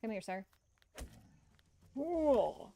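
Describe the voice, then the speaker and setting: A woman's voice: on the high side, sing-song, drawn-out words, vocal fry, muffled recording, a little hiss or hum. A woman streaming a cozy game, chatting casually with her viewers and laughing often. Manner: chatty, laughs often, reads and answers chat. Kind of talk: casual gaming stream chat.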